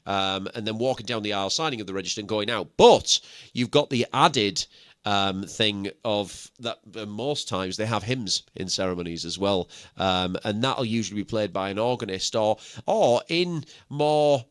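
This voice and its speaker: A man's voice: on the low side, clean tone, no room sound. A man hosting a casual live-stream chat as a wedding musician, joking often and talking with lots of fillers. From England. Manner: chatty, jokey, quick to laugh, lots of fillers.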